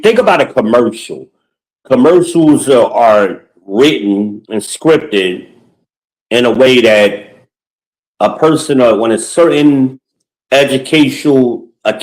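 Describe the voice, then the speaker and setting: A middle-aged man with a mid-pitched voice talks through a casual podcast monologue. His delivery is blunt and full of profanity, the sound of someone venting opinions and stories straight to his listeners. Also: low-quality recording. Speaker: podcast host.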